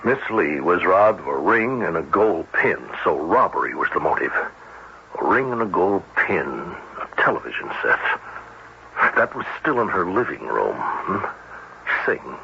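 An actor playing a skeptical police captain, questioning a witness in an old-time radio drama. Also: male voice, low voice, very animated, creaky, full character voice. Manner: questioning, skeptical, brisk interrogation. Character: probing male police captain. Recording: dull old radio broadcast with faint hiss.

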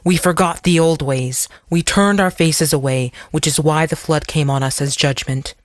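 A narrator performing a weary old farmer and preacher in an audiobook, speaking with slow, heavy, musing deliberateness. The voice sits at a middle pitch and is recorded very dry and close. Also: completely flat delivery, smooth, no echo, close to an everyday voice. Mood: brooding.

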